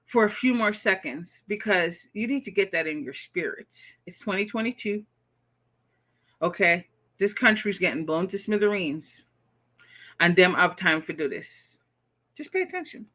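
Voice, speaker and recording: A woman's voice: medium pitch, pushed and bright. An American woman hosting a livestream, reading chat comments and giving blunt, profane commentary, often tagging sentences with "okay?". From United States.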